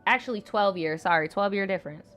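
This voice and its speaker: A woman's voice: mid-range voice, fast talker, a bit bright, soft background music. A woman in her twenties reading viewer stories aloud and reacting to them in a blunt, profane, slangy way. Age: 20s. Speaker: host.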